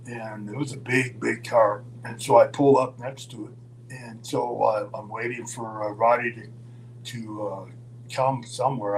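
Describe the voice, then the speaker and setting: A man's voice: medium pitch, low-quality recording. Older man telling road stories, faint hum. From Minnesota. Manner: animated storyteller, acts out quoted voices, chuckles. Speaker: storyteller guest. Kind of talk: casual anecdote telling.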